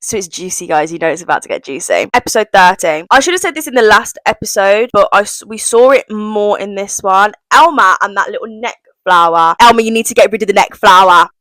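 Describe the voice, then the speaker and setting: A young British woman talking through a reality show, blunt and animated, dropping swear words as she goes. Her voice sits at an ordinary pitch and is recorded close with no room sound. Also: fairly quick, few pauses, no echo. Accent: British English. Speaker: reality show recap vlogger. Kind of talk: casual opinionated recap.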